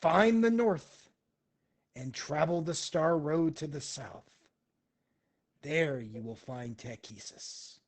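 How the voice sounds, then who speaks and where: Hushed, slow-chanting greedy old seer, played by a man; mystic and unhurried. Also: a little high, lively intonation. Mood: prophetic. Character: greedy drooling old male alienist seer.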